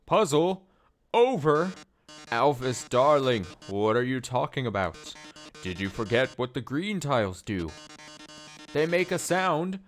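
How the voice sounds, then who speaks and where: A man's voice: medium pitch, voice pushed up. A man voicing a flamboyant, theatrical male robot TV star, hammy and melodramatic. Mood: taunting. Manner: hammy, melodramatic, mock-sorrowful.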